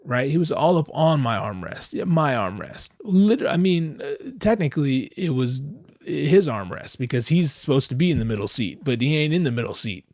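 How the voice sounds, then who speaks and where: A podcast host, a man, telling a comic story in a profane, animated rant, acting out the voices. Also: medium pitch, moderate pace, dry recording, clean studio sound.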